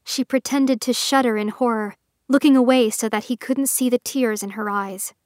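A woman reads a novel aloud in a steady, expressive audiobook style. Her voice sits a little high, and the recording is dry and close, with no room around it. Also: normal speed, no echo. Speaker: narrator. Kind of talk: audiobook narration.

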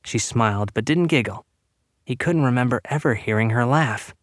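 A man giving a steady, even scripted narration of a story, like an audiobook reader. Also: mid-range voice, moderate pace, dry recording, clean studio sound.

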